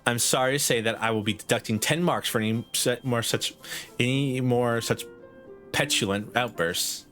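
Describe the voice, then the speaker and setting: A man's voice: mid-range voice, normal speed, fairly bright tone, soft background music, lightly acted. A man voicing a haughty woman professor who grades everyone, reading in a prim, lecturing Valley Girl lilt.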